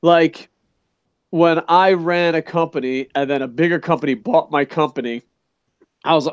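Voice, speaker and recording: A man's voice: a little high, normal speed, clean tone, no echo, muffled recording. Profane, rambling man talking wrestling. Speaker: podcast host. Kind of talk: casual wrestling chat.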